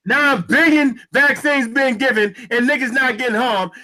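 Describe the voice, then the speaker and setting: A man's voice: very high-pitched, fairly even intonation, moderate pace, bright, forceful tone, poor audio. A man arguing in a heated online debate, combative and mocking, constantly cutting in.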